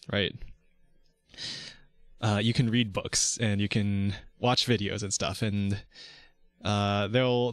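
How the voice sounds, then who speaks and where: Low-voiced man in casual rambling chat. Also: fairly bright tone, no room sound, clean studio sound. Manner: rambling, frequent restarts, swears, laughs between words; analytical about voice technique. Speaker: vtuber streamer.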